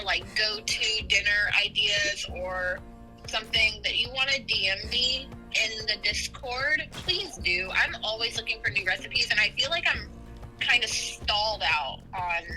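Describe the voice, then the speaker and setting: In a rough recording, a streamer's spouse, a young adult woman, chats casually with her partner. Her slightly high voice sounds pushed and bright, and she rambles hesitantly, using lots of fillers.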